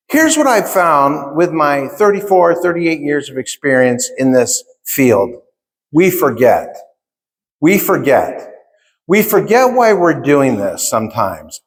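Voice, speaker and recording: A man in his fifties, giving a keynote at a conference and telling his own story in an emphatic way, repeating key phrases. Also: on the high side. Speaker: keynote speaker. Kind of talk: motivational storytelling speech. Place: large conference hall. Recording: long reverb of a large hall.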